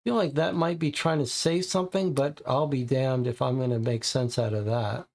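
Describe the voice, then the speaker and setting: Playing a co-op mystery game, a man chats casually through the clues in live play, sounding puzzled and frustrated. His voice is mid-range, creaky and darkish, with a steady tone and moderate pace.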